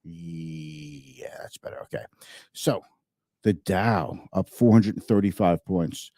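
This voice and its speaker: A man's voice: deep voice, sing-song, slow pace, vocal fry, mellow, no room sound. A man hosting a finance show, giving casual market commentary in a chatty, thinking-aloud way and often correcting himself mid-sentence.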